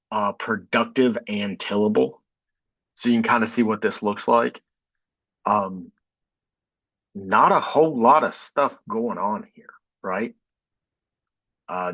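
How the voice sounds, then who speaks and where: A man teaching a screen-recorded coding lesson, talking through each step in a relaxed way with frequent fillers. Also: lowish voice, husky, no echo, muffled recording. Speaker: statistics instructor.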